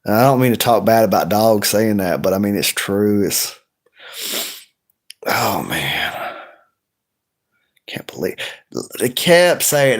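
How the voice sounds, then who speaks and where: A man's voice: a little high, expressive, moderate pace. A man ranting bluntly and rambling on a late-night livestream from home, swearing often. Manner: blunt, rambling, heavy profanity. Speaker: livestream host.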